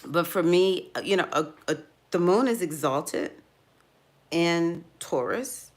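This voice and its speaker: A middle-aged woman, an astrologer, talking casually about her own experiences. She acts out her past thoughts in a high voice and laughs often. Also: animated, slow. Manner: laughs often, loose and conversational. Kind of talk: casual personal talk.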